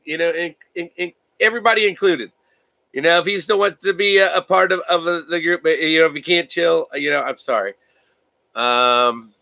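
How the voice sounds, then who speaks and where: A man's voice: fairly high pitch, pushed and bright, no room sound, rough recording. A man hosting a card-breaking livestream from home, chatting casually and rambling with many fillers and restarts.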